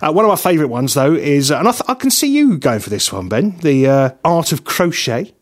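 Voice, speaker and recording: A man co-hosting a radio talk show, chatty and quick to laugh while telling stories. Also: a little high. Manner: chatty, laughs often, lively storyteller. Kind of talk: casual banter.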